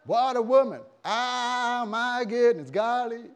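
A man voicing an excited, smitten Adam with a put-on Southern American accent, gushing and flirting in a sermon. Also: very high voice, slow, smooth, pitched above the performer's own voice.

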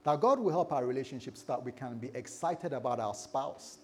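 A man's voice: mid-range voice, expressive, fairly quick. A man preaching a sermon, joking with a laughing congregation and leading them in prayer. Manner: playful, jokes with the congregation. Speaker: pastor.

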